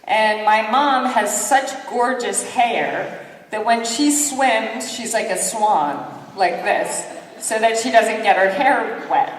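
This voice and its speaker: A woman giving a motivational keynote, telling lively, self-deprecating stories and acting out what people said. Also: on the high side, takes it slowly. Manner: lively, self-deprecating storyteller who acts out quotes. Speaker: keynote speaker. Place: large conference hall. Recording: echoey hall, distant mic.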